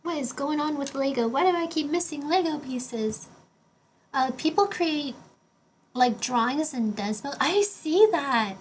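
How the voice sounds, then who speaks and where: A young woman chats away on a casual livestream in a high voice. She rambles and fills her sentences with loose filler words while building Lego between answers to chat. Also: expressive, a little slow, a little hiss or hum. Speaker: streamer.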